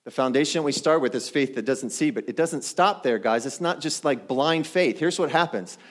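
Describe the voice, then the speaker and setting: A man's voice: mid-range voice, moderate pace. A middle-aged male pastor preaching a sermon in a conversational way, often putting questions to the congregation.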